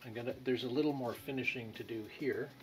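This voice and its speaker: A man giving an unhurried painting lesson, thinking aloud as he works, with pauses. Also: mid-range voice, steady tone. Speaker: painting instructor. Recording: music playing behind.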